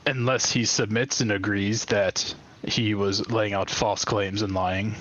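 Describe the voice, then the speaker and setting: A man voicing an arrogant male mech pilot who talks slow, boastful trash talk. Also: fairly low pitch, level tone, a bit bright, no room sound, highs cut off. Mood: menacing, boastful.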